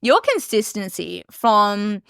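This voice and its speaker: A young woman hosting a casual solo podcast, talking fast and chatty, laughing often and swearing casually. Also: mid-range voice, very animated, gravelly, a bit bright, clear, resonant tone, no echo, studio quality. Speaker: podcast host. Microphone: podcast mic.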